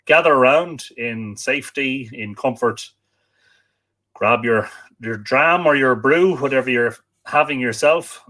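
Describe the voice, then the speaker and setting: A man's voice: medium pitch, a bit bright. Chatty Irish man hosting a livestream. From Ireland. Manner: chatty, reads out viewer comments. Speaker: livestream host. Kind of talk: casual livestream chat.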